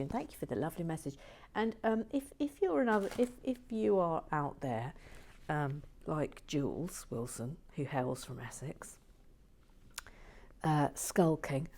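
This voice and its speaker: Brick-build channel host: a woman with a lowish voice, slow and theatrical, teasing her viewers. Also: expressive. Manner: playful, sassy and theatrical, with hushed asides. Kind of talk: casual chat reading viewer messages.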